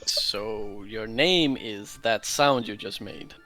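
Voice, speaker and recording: Man, tabletop player, playful theatrical delivery, bright tone, faint music behind. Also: lowish voice, takes it slowly. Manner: playful, in character with theatrical flourishes. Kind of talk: tabletop role-play chat.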